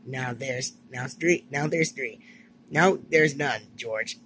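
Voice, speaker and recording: A man voicing a kindly grown-up in a cartoon, explaining things gently to a child and a monkey. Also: mid-range voice, slow pace, slight background noise, low-quality recording. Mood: gentle. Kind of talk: animated cartoon dialogue.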